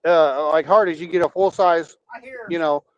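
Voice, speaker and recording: Guy with a higher voice, truck driver type, explains stuff flat out, muffled lo-fi call. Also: normal speed. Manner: matter-of-fact, explains at length. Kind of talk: casual group chat. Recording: dull lo-fi call audio.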